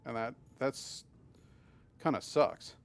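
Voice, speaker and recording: With vocal fry, lively intonation and a slow delivery, this mid-range male voice belongs to a Massachusetts gamer on a casual live stream. He chats with viewers, reads and answers chat, and often stammers and starts his sentences again.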